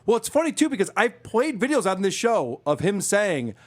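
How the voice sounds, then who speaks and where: Sarcastic, laughing podcast co-host, high-pitched and animated. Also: male voice, moderate pace, few pauses. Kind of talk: casual mocking chat.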